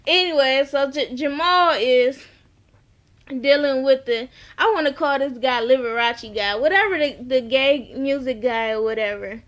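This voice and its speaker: Woman, sassy, blunt, chatty recap, high bright voice. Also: measured pace. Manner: sassy, blunt, laughs at her own jabs. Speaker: TV episode reviewer. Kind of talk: casual recap vlog.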